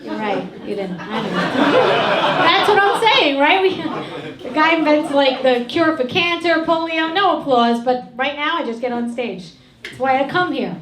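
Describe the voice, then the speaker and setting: A woman's voice: high voice, lively intonation, unhurried, a little hiss or hum. A middle-aged woman doing a brash, profane stand-up set on a comedy club stage. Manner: brash, profane, ranting delivery. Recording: echoey club with loud crowd.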